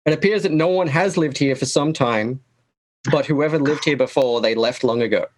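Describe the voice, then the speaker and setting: A man acting as dungeon master, narrating a tabletop game in a slow, drawn-out descriptive way. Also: mid-range voice.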